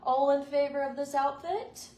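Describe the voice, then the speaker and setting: A woman's voice: high voice, steady tone, moderate pace, darkish tone. A woman in her forties chatting casually to camera as a lifestyle vlogger, bubbly and chatty with lots of likes and ums. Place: hotel room in Las Vegas. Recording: noticeable background noise.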